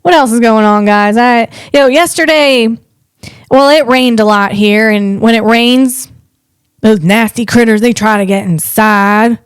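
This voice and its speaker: A woman's voice: a little high, unhurried, clear, resonant tone, dry recording. A woman from the Northeast US hosting a casual comedic podcast, chatty and rambling, often restarting her sentences.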